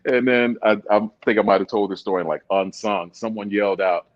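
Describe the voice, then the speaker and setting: A man telling stage stories in a casual interview, animated and laughing often, mimicking other people's voices. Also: lowish voice, fairly quick, muffled recording. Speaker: guest singer. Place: radio studio.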